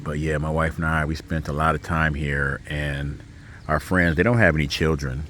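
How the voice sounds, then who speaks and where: Deep-voiced man vlogging while walking outside. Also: little pitch movement, fairly bright tone, slight background noise. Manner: reflective, halting, emotional. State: tearful. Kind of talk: casual personal vlog. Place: outdoors walking in a neighborhood. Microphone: handheld camera.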